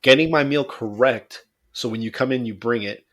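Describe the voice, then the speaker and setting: A man's voice: medium pitch, moderate pace. Guy ranting on a podcast, acts out both sides of the story, cusses a lot. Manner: animated storytelling, acting out both sides with quoted voices and swearing. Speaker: podcast co-host. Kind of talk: casual podcast chat.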